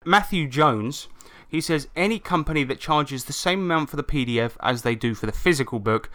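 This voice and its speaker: A man's voice: on the high side, lively intonation, brisk, a bit bright. Sweary man reading comments. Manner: blunt, sweary, reads listener comments. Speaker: podcast host. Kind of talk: casual chat.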